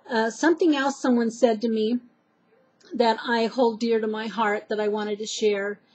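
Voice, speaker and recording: A woman's voice: fairly high pitch, darkish tone, rough recording. A woman earnestly sharing personal life advice with her viewers, rambling a little with fillers and restarts. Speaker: vlogger giving advice. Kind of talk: heartfelt personal advice to camera.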